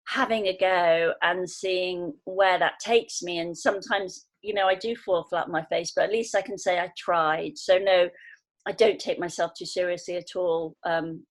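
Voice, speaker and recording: A woman in her fifties from England, a podcast guest telling an animated story and acting out the voices she quotes. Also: lowish voice. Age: 50s. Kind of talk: conversational podcast interview.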